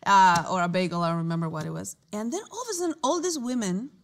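A woman co-host telling a story in casual chat, animated and quick to laugh, often restarting her sentences. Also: mid-range voice. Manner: animated, acts out quoted voices.

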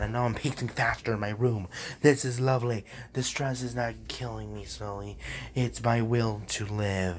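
A man's voice: mid-range voice, steady tone, normal speed, slight background noise. A man rambling in a goofy, jokey way from his room while practicing on a language app. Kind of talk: casual rambling commentary.

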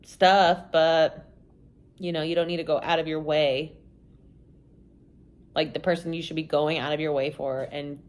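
A young woman from the United States talking casually to the camera in a vlog, candid and rambling, with lots of "like" and "you know". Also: on the low side. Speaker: vlogger. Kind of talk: casual confessional chat to camera.

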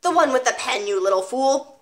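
A monstrous schoolmistress from a storybook, all snapping orders and sarcasm, played by a woman reader. She bellows insults at small children with heavy scorn. The voice sits somewhat high. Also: animated, moderate pace, fairly bright tone. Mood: scornful. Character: huge, brutal, sarcastic headmistress.

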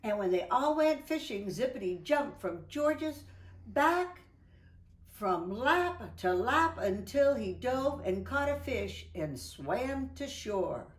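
A woman reading a children's picture book aloud, with lively, drawn-out delivery. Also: a little high, reverberant. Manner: animated, drawn-out, voices for characters. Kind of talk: children's storybook read-aloud. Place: indoors at home.

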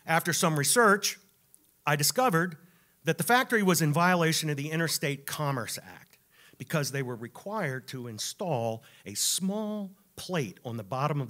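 A man telling a true story live on a club stage, animated and wry, building to punchlines. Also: fairly high pitch, normal speed.

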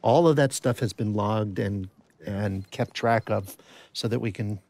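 A man's voice: lowish voice, a little slow, a little mellow. A man on a film commentary, steadily explaining behind-the-scenes details. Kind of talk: DVD commentary chat.

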